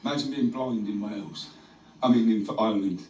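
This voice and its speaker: A man's voice: on the low side, fairly quick, darkish tone, reverberant, distant mic, highs cut off. A man joking and swearing with a friend outdoors on a hill, telling cheeky gags and laughing. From United Kingdom. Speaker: vlogger's friend. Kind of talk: casual banter.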